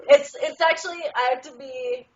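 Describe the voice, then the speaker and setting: A woman's voice: sits high, measured pace, darkish tone. A young woman guest in a casual interview, giggly and self-deprecating, laughing easily while telling stories. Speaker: guest, actress and performer. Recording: dull lo-fi sound.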